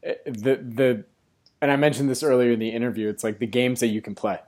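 A man hosting a podcast interview, talking casually and halting as he restarts his sentences. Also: mid-range voice, steady tone, a little mellow. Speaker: podcast host.

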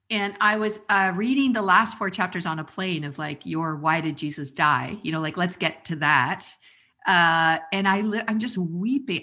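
A woman in her thirties hosting a conversational interview, telling a story with lively emotion and frequent laughs. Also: mid-range voice. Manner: animated storyteller, emotional, laughs often, says "like" a lot. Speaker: podcast host.

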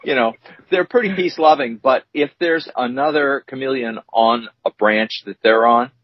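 A man with a husky voice jokes his way through casual podcast banter as a co-host. He plays up mock emotion for laughs. The sound is dull and lo-fi, with a dry, close feel. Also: mid-range voice, normal speed, no room sound. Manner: jokey, playfully mock-emotional.

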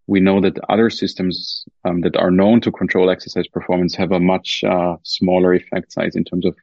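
A man's voice: low voice, little pitch movement, normal speed, gravelly, darkish tone, dry recording, lo-fi sound. A man with a German accent explaining research carefully as a podcast guest, with many fillers and restarts. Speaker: guest scientist. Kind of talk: podcast interview.

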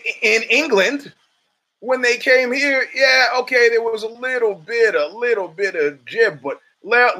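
A man hosting a podcast, talking in a rambling, animated monologue with many restarts and stammers. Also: sits high. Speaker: podcast host. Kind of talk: casual monologue.

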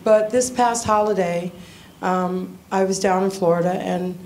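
Teary woman, low-ish voice, halting and unsure, little nervous laughs, church visitor. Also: fairly even intonation, a little mellow, a little hiss or hum. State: tearful. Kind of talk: emotional personal testimony.

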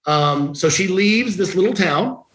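Middle-aged man telling a lively anecdote. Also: high-pitched, a little slow, poor audio. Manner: conversational, animated anecdote-telling with quoted dialogue. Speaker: guest attorney. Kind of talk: casual storytelling interview.

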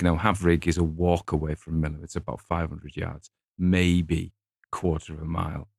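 A man's voice: low voice, fairly even intonation, moderate pace, creaky, slightly rough, no echo, clean studio sound. A middle-aged man hosting a casual book talk, wandering into anecdotes with chuckling asides. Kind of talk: casual rambling book chat.

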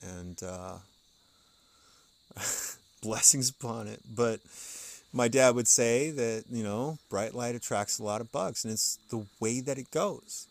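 Speaking slowly in a creaky, medium-pitched voice, a man sits outdoors on a porch hosting a podcast about an occult text. He muses conversationally, laughs softly now and then, and pauses his thoughts to read passages aloud.

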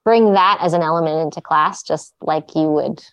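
A woman's voice: deep voice, moderate pace, dry recording. A woman, a yoga teacher guest, chatting casually in an interview and telling stories with lots of "like"s and restarts. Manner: chatty storyteller, many "like"s and restarts.

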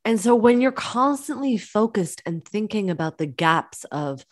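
A woman's voice: medium pitch, animated, a little slow, few pauses. Chatty encouraging woman podcast host. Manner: chatty and encouraging, addresses listeners as friends. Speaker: podcast host, business coach. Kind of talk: solo podcast talk.

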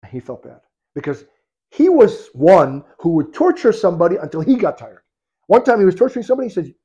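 Animated male preacher telling a story. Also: sits high, fast, husky, dull audio. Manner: animated, acts out quoted voices, swings from loud to hushed. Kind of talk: storytelling sermon.

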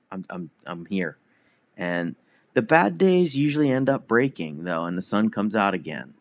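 Deep-voiced man, dry close sound. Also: no echo. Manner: conversational with frequent restarts and soft laughs. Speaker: newsletter writer and comedian. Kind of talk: personal reflective monologue.

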